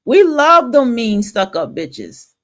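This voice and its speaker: A woman's voice: on the high side, big pitch swings, takes it slowly. A woman from the northern United States hosting a talk stream and giving a blunt, profane opinion monologue, often restarting her sentences.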